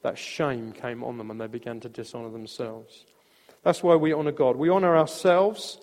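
A man preaching a sermon, telling a story in a conversational way with restarts and soft laughs. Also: medium pitch. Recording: long reverb of a large hall.

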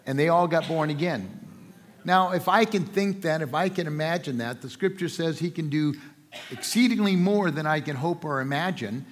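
A man preaching a sermon in a church, telling a story with lively asides, joking and voicing the people in it. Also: fairly high pitch, moderate pace. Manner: lively storytelling with playful asides and voiced characters. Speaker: pastor. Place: church sanctuary. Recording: long hall reverb.

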